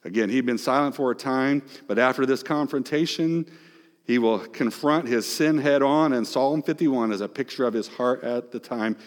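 A male pastor preaching a sermon, swinging between hushed, soft phrases and loud, emphatic ones. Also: medium pitch, normal speed. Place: large church hall. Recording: long echoing hall reverb.

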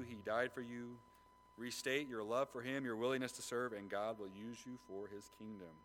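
A man preaching a sermon, retelling a Bible story with lively acted-out voices. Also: lowish voice, a little hiss or hum, poor audio. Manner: animated storytelling, acts out the voices of biblical figures. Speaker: pastor.

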